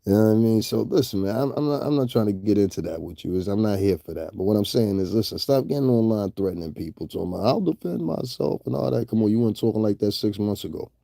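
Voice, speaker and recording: A man's voice: fairly low pitch, quick pace, gravelly, hardly any pauses, dark tone, no echo, studio quality. A man, talking casually and directly to a rival online, laid-back and laughing often. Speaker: YouTube commentator. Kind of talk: casual direct-address commentary.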